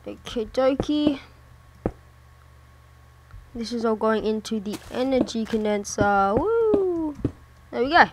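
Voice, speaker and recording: Unhurried, swearing woman gaming commentator. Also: a little high, expressive, background noise. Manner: mutters to herself and swears often while playing. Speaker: gameplay commentator. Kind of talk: casual let's-play commentary.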